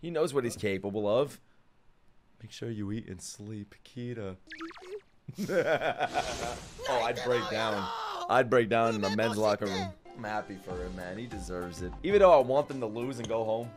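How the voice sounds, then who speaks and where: A young man reacting to an anime episode, excitable and profane, often shouting and laughing. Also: fairly low pitch, moderate pace, music in the background. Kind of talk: live reaction commentary. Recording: anime audio playing loudly behind.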